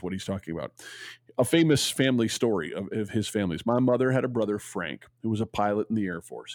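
A man's voice: fairly low pitch, a little mellow, no room sound, studio quality. A man co-hosting a talk show, reading a listener's letter aloud and telling stories, earnest, with stammers when he ad-libs. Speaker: podcast co-host.

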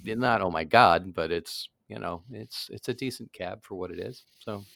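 A man's voice: deep voice, moderate pace, vocal fry, a bit bright, dry recording, clean studio sound. A man in his fifties, a podcast guest in casual chat, joking and brash with many fillers.

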